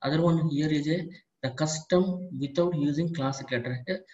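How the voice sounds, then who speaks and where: A man teaching a step-by-step software tutorial, often repeating and restarting his phrases as he explains. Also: fairly high pitch, moderate pace. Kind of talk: screen-recorded software tutorial. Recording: echoey room, dull lo-fi audio.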